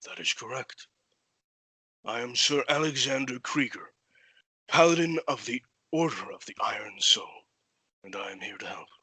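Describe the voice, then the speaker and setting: Husky male player, bright, dry close sound, courtly in-character speech. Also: medium pitch, normal speed, long pauses, no echo, low-quality recording. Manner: formal, courtly phrasing. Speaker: player voicing a paladin. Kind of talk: in-character tabletop role-play.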